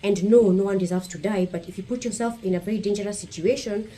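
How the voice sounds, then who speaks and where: With a warm, mid-range voice and a fast delivery, this Kenyan-accented woman from Kenya vlogs on a rough recording. Her casual commentary is opinionated, blunt and provocative, aimed directly at her viewers.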